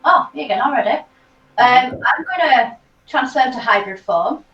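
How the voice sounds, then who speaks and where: A woman's voice: high voice, lively intonation, moderate pace, a bit bright. A woman playing a tabletop game, asking the game master matter-of-fact questions. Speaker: player. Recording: roomy, distant, dull mic with faint hiss.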